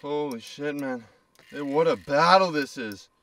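A young man vlogging while ice fishing in a small flip-up shelter. He talks casually and swears freely, breaking into loud excited exclamations. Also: on the high side, unhurried, slight background noise.

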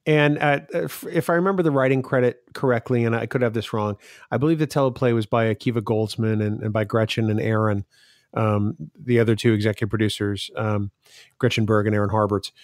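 A man's voice: fairly low pitch, fairly even intonation, brisk, dry recording, clean studio sound. A man co-hosting a casual podcast discussion, speaking in an earnest, analytical way. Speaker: podcast co-host.

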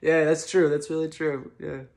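A man's voice: on the high side, little pitch movement, moderate pace, gravelly, darkish tone. A man doing a rambling try-hard joker. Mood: eager. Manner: rambling, stammering, fake laughing. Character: eager, rambling guy trying too hard to be funny.

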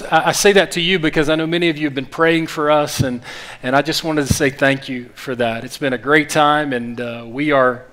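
A man's voice: fairly high pitch, a bit bright. A man preaching a sermon as pastor, earnest and full of restarts, calling on the congregation to repeat after him. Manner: earnest, with frequent fillers and restarts.

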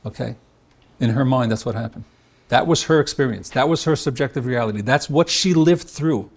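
A man's voice: medium pitch, vocal fry, husky. A middle-aged man, a marriage therapist, lecturing at a workshop, asking the audience questions and acting out both husband and wife in his examples. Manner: asks the audience rhetorical questions and pauses on them.

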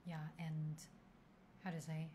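A young woman co-hosting a casual chat, halting as she searches for words and laughing often. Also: low voice, monotone, mellow, a little hiss or hum. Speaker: podcast co-host.

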